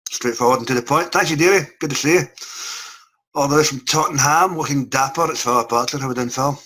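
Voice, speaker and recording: Chummy male host, husky and punchy, jokes with his panel over a video call. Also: medium pitch, fast, pushed and bright. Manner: jokey, chummy, calls everyone mate. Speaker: podcast host. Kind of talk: casual review chat.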